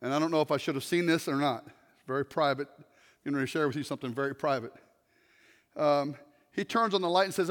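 A man preaching a sermon and telling stories, swinging between loud shouts and hushed, near-whispered passages. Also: on the high side, fast talker. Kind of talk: sermon storytelling. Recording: long reverb of a large hall.

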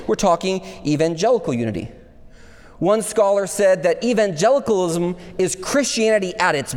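A man preaching a sermon, first telling a personal story and then lecturing in a conversational way. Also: high voice. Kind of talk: chapel sermon. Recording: long hall reverb.

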